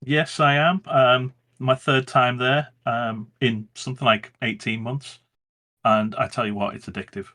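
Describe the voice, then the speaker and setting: A man's voice: medium pitch, fairly even intonation, unhurried, pushed and bright. A man with a Scouse accent, a guest chatting enthusiastically on a podcast. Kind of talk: casual chat.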